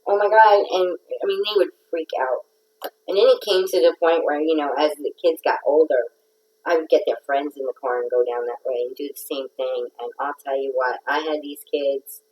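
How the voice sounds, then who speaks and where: A woman's voice: sits low, moderate pace, darkish tone, poor audio. A middle-aged woman hosting a casual livestream, telling a rambling, playful story. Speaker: host of a craft livestream.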